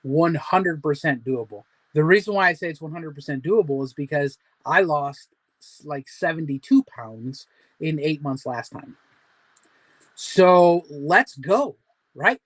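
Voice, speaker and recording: Fairly high in pitch and a bit bright, his voice comes through at normal speed with no echo. He's a man in his forties running a laid-back weight-loss support livestream, rambling through motivational pep talks for viewers and leaning heavily on filler words.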